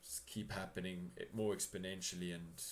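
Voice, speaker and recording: A man's voice: sits low, level tone, fairly quick, slight background noise, natural voice. A man voicing a worried old hermit who is shunned as crazy, speaking hesitantly and rambling gloomily. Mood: worried, gloomy.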